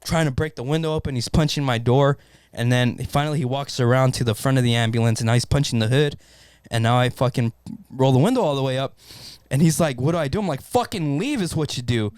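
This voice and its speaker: A man in a casual podcast chat, telling a story in an animated way and swearing constantly. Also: medium pitch, fast, smooth, dry recording, studio quality. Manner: animated, swears constantly, acts out his own panic. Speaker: podcast co-host.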